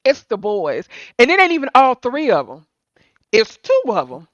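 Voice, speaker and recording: A woman co-hosting a casual talk show, expressive and quick to laugh, fond of slangy turns of phrase. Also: on the high side, dry recording. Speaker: podcast co-host. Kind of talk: casual chat. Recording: slightly dull, lo-fi sound.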